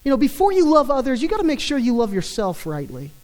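A preacher working through a passage of scripture in an emphatic sermon, repeating words for stress and slowing down on key phrases. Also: high voice, huge pitch swings, a little mellow, rough recording. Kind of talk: expository sermon.

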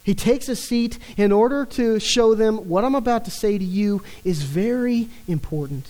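An emphatic preacher walks a congregation through a passage of scripture in an expository sermon. The voice sits at a middling pitch, stressing points by repeating words and slowing down on key phrases. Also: mellow, poor audio.

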